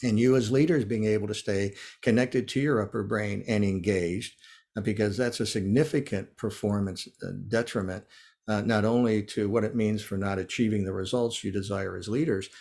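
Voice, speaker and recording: A middle-aged American man delivers a keynote lecture with a gravelly, fry-edged voice that sits fairly low. He speaks in a measured, earnest way, often pausing on fillers and restarting his phrases. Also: steady tone, a little mellow.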